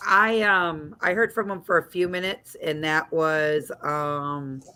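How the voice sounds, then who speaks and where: A woman hosting a casual livestream chat, telling a story in a lively way over a video call. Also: sits low, slow pace. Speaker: host.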